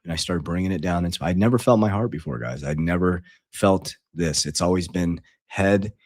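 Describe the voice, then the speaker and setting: A middle-aged coach talks straight to his followers in a very deep voice, blunt and profane, circling back and restarting as he goes. The sound is dry and close. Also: normal speed, dry recording. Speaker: online coach. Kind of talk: casual storytelling to followers.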